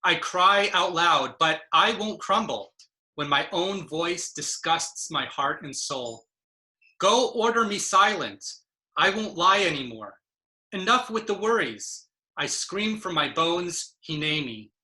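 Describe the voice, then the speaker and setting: Bright-voiced woman reading poetry passionately. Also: on the low side, expressive, slow. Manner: impassioned, emphatic declamation. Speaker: poet and presenter. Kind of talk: spoken-word poetry reading. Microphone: video call.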